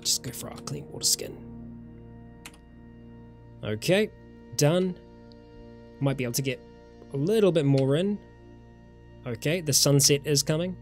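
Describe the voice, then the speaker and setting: A man's voice: fairly high pitch, animated, unhurried, pauses often, faint music behind. A man from New Zealand with a New Zealand accent, casually commenting on a survival game during a live stream and chatting with viewers.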